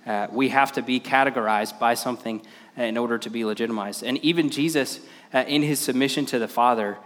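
A man's voice: mid-range voice, a little fast, a bit bright. A man in his thirties preaching a sermon as pastor, speaking with frequent "uh" fillers and restarts. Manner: hesitant, many "uh" fillers and restarts. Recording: long reverb of a large hall.

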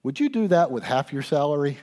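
A male pastor preaching a sermon, asking his listeners questions and swinging between hushed asides and loud emphasis. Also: a little high, animated, a little fast. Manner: conversational, asks the congregation questions.

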